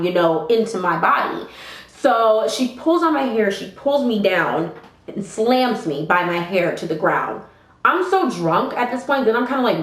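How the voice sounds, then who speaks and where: A young woman tells a wild story to her viewers in a lively, expressive voice that swings up and down in pitch. She swears freely and speaks casually and directly, in a roomy, echoey space. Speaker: vlogger. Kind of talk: storytime vlog, casual retelling. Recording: roomy echo.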